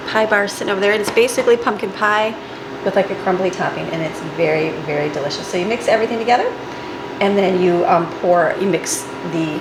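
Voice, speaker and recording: A woman's voice: medium pitch, creaky. A woman talking casually while baking in her home kitchen, rambling and laughing easily as she works. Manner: rambling, laughs often, talks while cooking. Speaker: homemaker and mom baking at home. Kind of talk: casual chatty kitchen vlog. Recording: noisy home kitchen recording.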